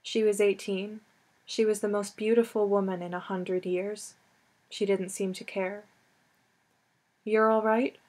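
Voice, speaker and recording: A woman reading a novel aloud as an audiobook, in measured, steady storytelling narration. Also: mid-range voice. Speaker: audiobook reader. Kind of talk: scripted narration.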